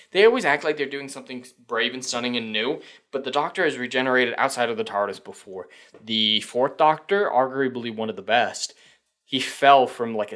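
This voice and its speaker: A man's voice: mid-range voice, fairly bright tone. A man hosting a fan news channel, giving sarcastic, profane, opinionated commentary.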